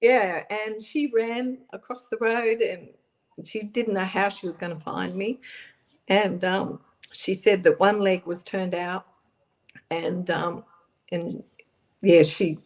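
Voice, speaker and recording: A middle-aged woman telling a personal story on a radio interview, halting, with many fillers and restarts. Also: mid-range voice, fairly even intonation. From Australia. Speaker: guest.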